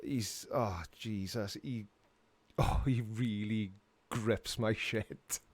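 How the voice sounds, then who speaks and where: A man's voice: on the low side, steady tone, slow. A middle-aged Welsh man hosting a casual live stream, rambling and joking while answering chat questions from his home studio. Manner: rambling and jokey, laughs often.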